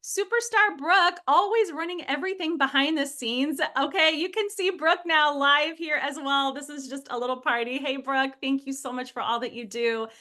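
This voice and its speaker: An enthusiastic woman from Michigan hosts a live online webinar, her voice high and bright. She talks with bubbly energy over a video call, calling out attendees by name. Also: normal speed, few pauses. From Michigan, USA. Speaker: webinar host. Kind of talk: upbeat live webinar hosting.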